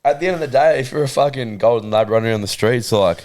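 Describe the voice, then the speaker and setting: A man's voice: medium pitch, fast, a little mellow. A young man, telling stories in crude, swearing podcast banter. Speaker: podcast co-host. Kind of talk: casual chat.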